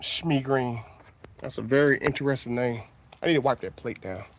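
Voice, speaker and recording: A man with a Southern US accent rambling casually as a car vlogger outdoors, drawing out his words and breaking into sudden high exclamations. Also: a little hiss or hum. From Southern United States. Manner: laid-back, drawn-out talk with sudden high exclamations.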